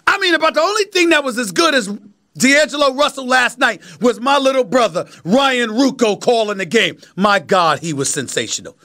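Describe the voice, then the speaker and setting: A man's voice: very high voice, expressive, normal speed, pushed and bright. Emphatic New man in his fifties. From New York City. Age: 50s. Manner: emphatic, preachy, repeats phrases for effect. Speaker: sports talk host. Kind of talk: sports commentary monologue.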